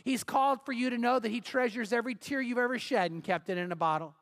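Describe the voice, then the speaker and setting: A middle-aged man preaches a sermon in a raised, higher-than-usual voice. He leans hard into his points, stacking up repeated phrases as he builds. His delivery is earnest and emphatic throughout. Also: fast, a bit bright. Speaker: pastor.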